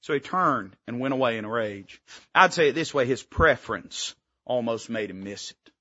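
Bright-voiced man preaching in church, folksy, lots of questions, kinda muffled old recording. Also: medium pitch, expressive, a little fast, no room sound. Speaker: pastor. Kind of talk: sermon. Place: church sanctuary.

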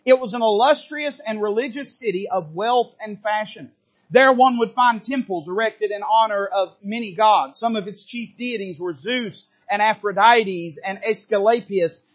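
A man preaches from the pulpit. He reads scripture and prays in a slow, deliberate manner. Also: sits high. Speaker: pastor. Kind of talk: sermon.

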